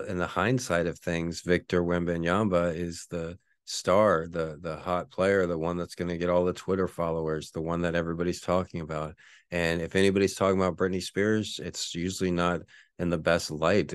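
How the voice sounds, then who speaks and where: A man in his forties talks through a loose podcast monologue in a very low voice. He rambles and swears, leaning on fillers and correcting himself as he goes. The sound is dry and close, with no room around it. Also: clean tone, dry recording. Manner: rambling, profane, frequent fillers and self-corrections. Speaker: podcast host. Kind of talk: casual monologue.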